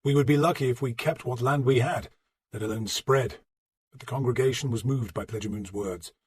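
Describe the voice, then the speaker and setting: A man narrating an audiobook in a measured, steady storytelling manner. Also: mid-range voice, breathy edge, no echo. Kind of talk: scripted narration.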